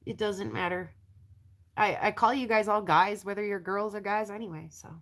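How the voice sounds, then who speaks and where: A woman's voice: mid-range voice, normal speed, fairly bright tone. A woman from the North American prairie, chatting casually and rambling to her viewers as a rockhounding vlogger, laughing often.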